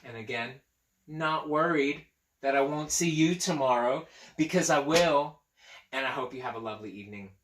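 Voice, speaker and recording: A man, a teacher, reading a picture book aloud to children and chatting gently with them about it. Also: medium pitch, moderate pace, reverberant, a little hiss or hum. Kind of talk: children's story read-aloud.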